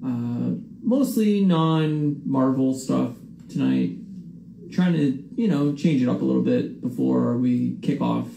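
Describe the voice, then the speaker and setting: A man's voice: mid-range voice, takes it slowly, gravelly, mellow, a little hiss or hum. A man hosting a casual podcast, talking loosely and sarcastically with plenty of swearing. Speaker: podcast host.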